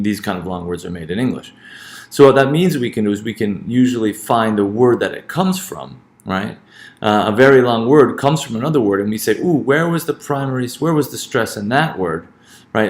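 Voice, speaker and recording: A man lecturing on pronunciation with a low, gravelly voice. He talks his way through each point, restarting phrases and checking in with "right?". The sound has a roomy echo. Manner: thinking aloud, many restarts and checking "right?". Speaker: teacher. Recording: echoey room.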